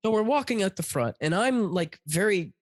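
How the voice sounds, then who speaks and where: A man's voice: sits high, lively intonation, moderate pace. A man co-hosting a comedy podcast, telling a story as a heated rant, swearing heavily and calling his listener bro. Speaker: podcast co-host. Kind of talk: casual comedic chat.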